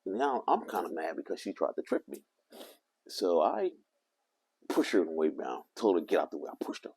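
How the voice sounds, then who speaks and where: An older man telling a rambling, animated story to the camera. He often corrects himself as he talks. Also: sits low, normal speed, slightly rough. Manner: animated, meandering, self-correcting. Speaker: vlogger.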